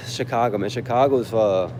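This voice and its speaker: A man's voice: on the low side, moderate pace, in a large hall, background noise. Casual young man telling a story. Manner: laid-back storytelling, acts out quotes, laughs often. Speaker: livestreamer. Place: home.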